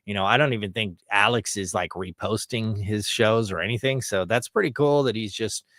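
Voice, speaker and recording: A man's voice: fairly low pitch, normal speed, a bit bright, no echo, studio quality. A man hosting a livestream, chatting casually between clips in a loose, rambling, profane way. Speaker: livestream host. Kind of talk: casual chat.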